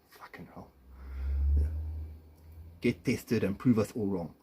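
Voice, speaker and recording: A man's voice: fairly low pitch, takes it slowly, warm tone, slight background noise. A man, an estranged father, delivering an angry, profane video rant with accusations, swinging between muttered asides and raised confrontation.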